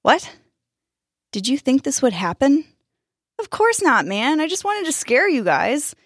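A jittery teenage boy who barks orders to keep himself together, as a woman puts him on. His voice is pitched up and pushed hard, and it is recorded close and dry. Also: big pitch swings, a little slow, no echo. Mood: tense. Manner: tense, commanding. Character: scared, bossy teenage boy in charge.

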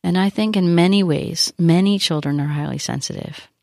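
A woman's voice: fairly low pitch, moderate pace, creaky, a little mellow, no echo, clean studio sound. A woman who works with children, speaking earnestly to parents and teachers and coaching them with frequent rhetorical questions. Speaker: child behavior educator. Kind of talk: advice talk to parents.

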